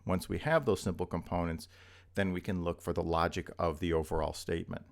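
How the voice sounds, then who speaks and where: A man with a low, gravelly voice teaches an introductory logic lesson. He explains step by step, repeating examples and often pausing to ask "right?" His delivery is that of a recorded lecture. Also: steady tone. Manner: explanatory, repeats points with frequent "right?" checks. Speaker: logic instructor.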